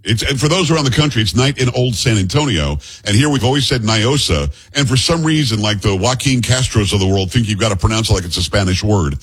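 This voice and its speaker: A male radio talk host with a husky, slightly rough voice that swings up and down as he tells his stories. He talks fast and keeps things jokey and animated. Casual banter with his co-host. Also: fairly low pitch. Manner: animated storyteller, jokey asides.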